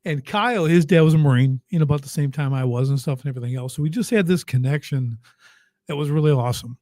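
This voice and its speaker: A man in his fifties, a podcast guest telling family stories in a lively, emphatic way that turns emotional at moments. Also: fairly high pitch, fast, no room sound, clean studio sound. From United States. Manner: lively, emphatic storyteller who gets choked up. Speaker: podcast guest, business coach. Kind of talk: casual storytelling in an interview.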